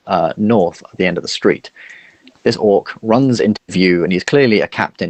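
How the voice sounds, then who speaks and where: A man narrating a tabletop game as dungeon master, halting with many fillers. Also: low-pitched, rough recording.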